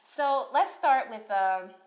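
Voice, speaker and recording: A woman's voice: high-pitched, lively intonation, takes it slowly. Bubbly, playful woman hosting a chat show. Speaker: fill-in host. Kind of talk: casual podcast chat.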